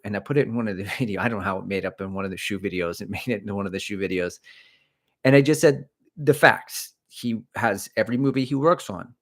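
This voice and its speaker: Low-voiced middle-aged man, rambling livestream chat. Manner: rambling, opinionated, chatty. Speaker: running coach and channel host.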